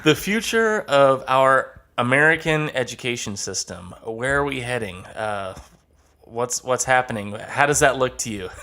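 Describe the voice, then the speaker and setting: A man hosts his own podcast from his studio, with a very animated voice that swings up and down. He keeps things jokey and laughs often. He sometimes slips into playful impressions. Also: mid-range voice, unhurried. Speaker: podcast host. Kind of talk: casual interview chat.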